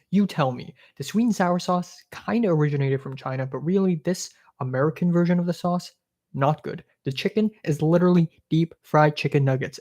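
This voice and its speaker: A man's voice: on the high side, darkish tone. Young male streamer, exasperated and sweary, sarcastic casual rant. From Hong Kong. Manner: profane, exasperated, sarcastic ranting. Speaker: live streamer.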